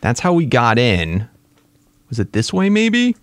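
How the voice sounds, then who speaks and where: A man narrating his own game play as he goes, an excitable gamer who exclaims at the creatures he finds. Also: medium pitch, a little slow, dry recording. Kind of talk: casual gaming commentary.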